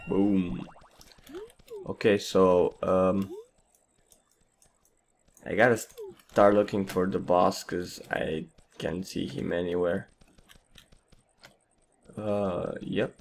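A man hosting a casual gameplay commentary, his voice partly lost, rambling and trailing off quietly. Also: low voice, little pitch movement, extremely slow, gravelly, long pauses, a little hiss or hum. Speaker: gaming channel host.

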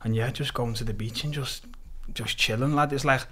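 A man's voice: medium pitch, fairly quick, slightly rough. A man on a podcast, telling stories in a casual chat and laughing as he goes. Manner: animated, swears freely, laughs through his stories. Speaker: podcast guest. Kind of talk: casual storytelling.

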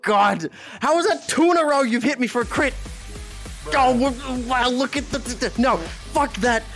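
A man's voice: very high-pitched, moderate pace, a bit bright, faint music behind. A young man streaming a VR game, chatting casually, giggling often, swearing and reading chat aloud. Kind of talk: casual live-stream chat while playing. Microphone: VR headset mic.

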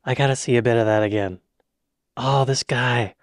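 A man's voice: medium pitch, moderate pace, dry recording, clean studio sound. A young American man hosting a reaction video, talking casually and exclaiming often as he watches. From United States. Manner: excitable, exclaiming, laughs easily.

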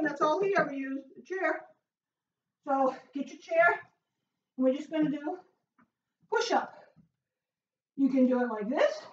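A woman coaching a home workout, upbeat and encouraging with frequent whoops, often out of breath. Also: high voice. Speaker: fitness instructor. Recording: echoey room, far from mic, dull sound.

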